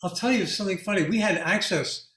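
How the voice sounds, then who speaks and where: This featured artist has a high, slightly bright voice that rings with reverberation. He talks with an audience in a casual, reflective manner, frequently restarting sentences and laughing his way through anecdotes.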